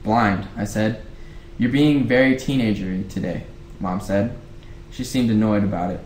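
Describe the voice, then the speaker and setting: A man's voice: lowish voice, moderate pace, a little mellow. Male reader, casual read-aloud, rereads lines, roomy echo, faint hiss. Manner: rereads lines, breaks off to chat. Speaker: book club reader. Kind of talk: casual reading aloud of a novel.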